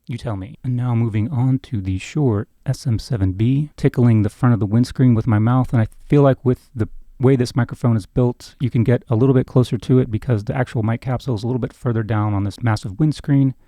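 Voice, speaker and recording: A man's voice: mid-range voice, brisk, warm tone, no echo. A man casually demonstrating microphones, talking close between two broadcast mics at his desk in a chatty, self-deprecating way and putting questions to the listener. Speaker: microphone reviewer. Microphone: talking close between two broadcast dynamic mics.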